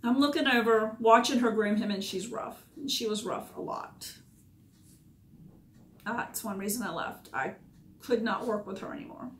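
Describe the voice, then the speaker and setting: A woman's voice: medium pitch, moderate pace, fairly bright tone, slight background noise. A woman, a dog groomer candidly recounting past events in short, emotional bursts. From Georgia, USA. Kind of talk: personal storytelling. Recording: echoey room.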